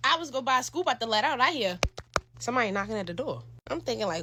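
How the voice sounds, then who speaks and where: A young woman telling a story in a casual, animated, profane and slangy way, acting out the scenes. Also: on the high side, fast, slight background noise.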